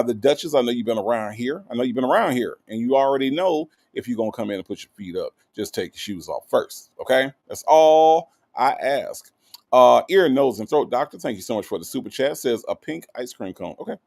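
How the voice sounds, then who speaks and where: A man hosting a casual livestream, reading out viewer comments and greeting them one by one in a teasing, animated way. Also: medium pitch, gravelly. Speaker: livestream host.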